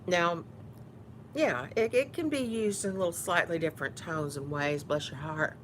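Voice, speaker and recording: A woman's voice: lowish voice, normal speed, a little hiss or hum. A woman from Houston with a Texan Southern accent, chatting casually while eating on camera, teasing and mock-bossy. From Houston, Texas. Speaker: YouTuber.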